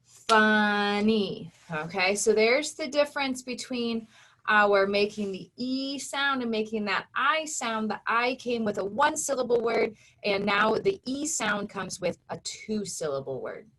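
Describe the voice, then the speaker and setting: A woman teaching an online phonics lesson to children, patient and slow on the example words. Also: a little high, expressive, a bit bright.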